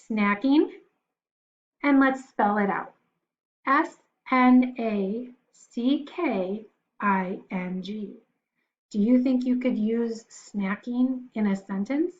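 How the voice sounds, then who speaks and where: A woman teacher giving a recorded spelling lesson to young children, slowly spelling words out letter by letter and encouraging them. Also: mid-range voice, gravelly, dull audio, slight background noise.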